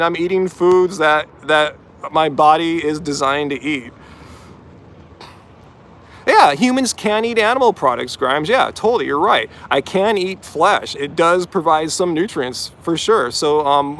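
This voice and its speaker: Vegan host, male, slightly high voice, live chat Q&A outside after a run, argumentative and chatty, faint traffic behind. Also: a bit bright. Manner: talkative, pointed, rebutting commenters. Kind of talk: live-stream Q&A.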